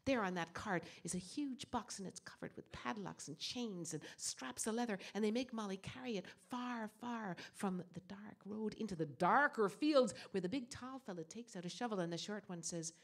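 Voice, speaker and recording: A woman storyteller telling a folk tale in an animated, dramatic way. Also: medium pitch, moderate pace, hardly any pauses.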